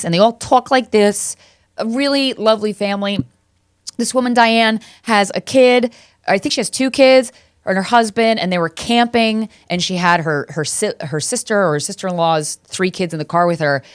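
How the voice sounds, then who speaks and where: A woman's voice: medium pitch, moderate pace, clear, resonant tone, dry recording, studio quality. A woman in her thirties hosting a podcast, telling stories in a casual, chatty way, swearing freely and laughing often. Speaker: podcast host. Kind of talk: casual comedic monologue.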